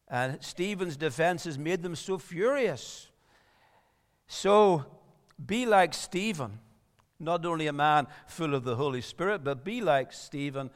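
A man's voice: a little high, long reverb tail. A man preaching a sermon, earnest and rising to emphatic appeals.

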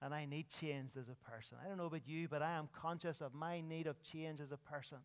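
A man's voice: fairly high pitch, steady tone, a little fast, long reverb tail. A man preaching an earnest sermon as pastor, his voice rising and dropping with emphasis. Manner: earnest preaching with sweeping rises and drops.

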